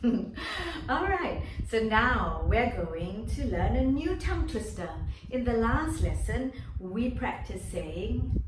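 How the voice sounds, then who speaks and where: A woman leads a children's drama lesson, speaking slowly and clearly. She sounds a little far from the mic in an echoey room, with clear background noise. Her pitch sits in a middle range. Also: very animated. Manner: slow, clear, encouraging teacher talk to young children. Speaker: kindergarten drama teacher.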